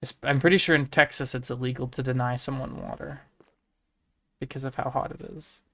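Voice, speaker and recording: An American man streaming a game, chatting casually and thinking aloud as he answers his viewers' messages. His voice has a gravelly, creaky texture at an ordinary pitch. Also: fairly even intonation, fairly quick, a bit bright. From United States. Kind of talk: casual livestream chat.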